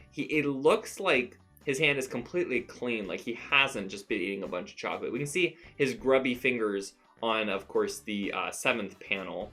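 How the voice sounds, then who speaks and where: A man's voice: lowish voice, bright, forceful tone. A young man hosting a comic recap at home, talking with mock-serious irony and laughing at his own jokes. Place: home room.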